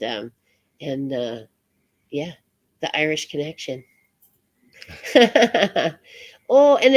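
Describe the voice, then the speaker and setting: A woman hosting an online show, chatting casually as she signs off, halting with many fillers and frequent laughs. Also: fairly low pitch. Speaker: show host. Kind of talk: casual live-stream sign-off chat.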